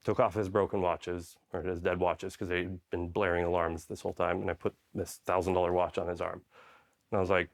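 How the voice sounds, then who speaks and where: Middle-aged man, low voice, casual storytelling, keeps asking "right?". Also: little pitch movement, brisk, gravelly. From Poland. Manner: conversational, frequent "right?" and "you know" tags. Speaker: guest, army special forces medic. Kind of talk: interview storytelling.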